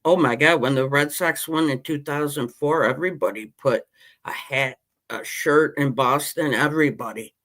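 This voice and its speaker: A man's voice: on the high side, moderate pace, a bit bright. A man, ranting passionately about his team as a podcast host in casual chat. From Western New York. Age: 50s. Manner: impassioned, rambling sports-fan rant.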